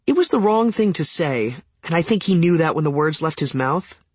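A man's voice: a little high, animated, moderate pace, few pauses, slightly rough, no echo. A man reading a novel aloud in first person, with a wry, conversational storytelling manner. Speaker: audiobook narrator. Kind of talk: scripted first-person narration.

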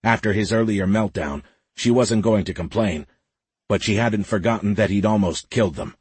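A man narrating a science fiction audiobook in a steady, measured way. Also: lowish voice, husky, no room sound. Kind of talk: scripted narration.

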